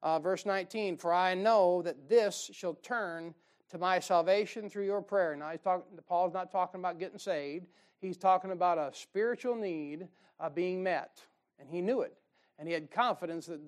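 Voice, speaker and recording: A man delivers a sermon. He talks in a folksy, joking way and often rises into loud, fired-up bursts of preaching. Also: high voice, normal speed.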